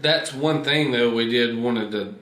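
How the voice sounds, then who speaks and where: Bright-voiced male podcast host. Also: medium pitch, measured pace. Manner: hesitant, rambling questions. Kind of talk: casual interview. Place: convention hall. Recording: echoey convention hall with faint noise.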